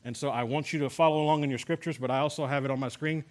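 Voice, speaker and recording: A man's voice: fairly high pitch, fairly even intonation, racing. A man preaching to a class, telling personal stories and asking rhetorical questions in a conversational way. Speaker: pastor teaching a healing class. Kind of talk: sermon.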